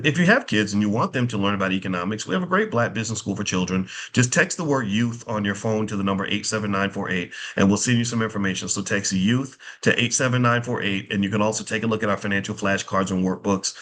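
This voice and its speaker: A middle-aged man hosting a casual finance monologue, animated and preacherly, repeating phrases for emphasis. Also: fairly low pitch, fast, hardly any pauses. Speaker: finance educator and show host.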